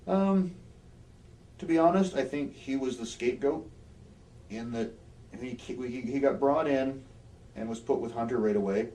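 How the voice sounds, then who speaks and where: A man's voice: mid-range voice, moderate pace, long pauses, warm tone. A man, a former pro wrestler, telling dry, wry backstage anecdotes in an interview. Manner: wry anecdotal storyteller, acts out quotes. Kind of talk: shoot interview storytelling. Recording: distant mic, faint ambient hiss.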